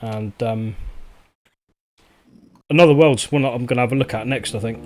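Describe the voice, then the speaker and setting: A man chatting casually to viewers during a live game stream, relaxed and a little hesitant, with frequent pauses as he plays. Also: mid-range voice. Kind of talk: live gaming stream chat.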